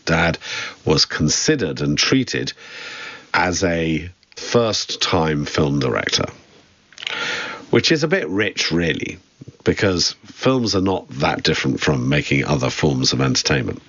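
A man's voice: a bass voice, expressive, a little slow, fairly bright tone, slightly rough, no echo, lo-fi sound. A man with a Southern English accent, a guest in an interview, talking candidly and wryly about his father. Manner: dry, wry and candid. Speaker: guest, son of the director. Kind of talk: reflective interview talk.

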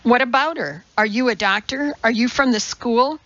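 A woman's voice: a little high, moderate pace, a bit bright, lo-fi sound, lightly acted. A woman doing a flustered, stammering male TV producer. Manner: stammering, hesitant.

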